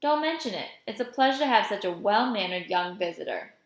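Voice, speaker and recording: A woman's voice: medium pitch, lively intonation, brisk, close to an everyday voice. A woman reading the part of a motherly woman who fusses over a child and scolds her teasing father, recorded in a roomy space. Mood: tender. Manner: fussing, indignant, then tender. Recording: roomy echo.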